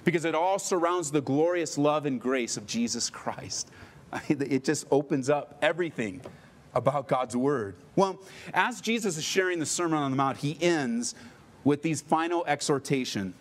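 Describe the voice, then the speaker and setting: Male preacher, sermon delivery, voice on the high side, emphatic, rhetorical questions. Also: expressive, moderate pace. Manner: emphatic, rising for stress and dropping low for solemn lines; asks the listeners rhetorical questions. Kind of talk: expository sermon.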